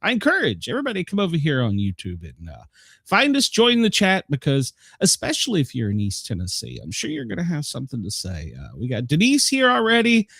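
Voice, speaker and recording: A man's voice: on the high side, wildly swooping pitch, fairly bright tone, husky, dry recording. A man with a Southern US accent hosting a casual talk show, rambling and joking with many fillers. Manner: rambling, folksy, quick jokes with many fillers. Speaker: host. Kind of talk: casual radio and livestream chat.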